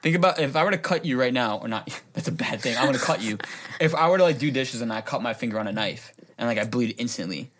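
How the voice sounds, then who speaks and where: A man's voice: medium pitch, expressive, fast talker, fairly bright tone, slight background noise. Rambling young man chatting casually. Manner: rambling, heavy on fillers, swearing. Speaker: podcast guest. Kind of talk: casual chat.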